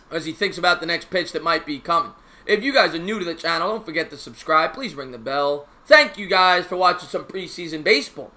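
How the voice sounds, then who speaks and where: Bright, excitable New play-by-play man. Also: high voice. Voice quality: chatty, excitable, slangy. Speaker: live stream play-by-play host. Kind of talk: casual live play-by-play with chat replies.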